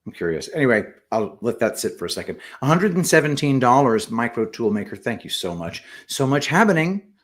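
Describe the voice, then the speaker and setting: A man co-hosting a casual livestream, reading viewer messages aloud and adding quick remarks. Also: mid-range voice, very animated. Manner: reads super chats aloud with quick asides. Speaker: co-host reading donor messages.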